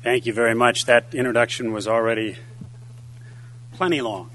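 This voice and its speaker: A man's voice: mid-range voice, moderate pace, noisy background. An older man giving a conference speech, telling anecdotes and a joke. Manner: storytelling, lively delivery. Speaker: conference speaker.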